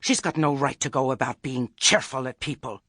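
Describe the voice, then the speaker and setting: A man voicing a flustered rustic farmer who talks loudly and indignantly in an audiobook reading. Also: medium pitch, moderate pace, dry recording, studio quality, close to an everyday voice. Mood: agitated. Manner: loud, agitated and indignant.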